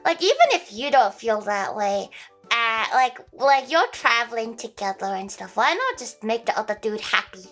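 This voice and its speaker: Young woman, high, animated voice, rambling and profane, faint music behind. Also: moderate pace, poor audio. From Australia. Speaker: livestreamer. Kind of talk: casual chat with viewers.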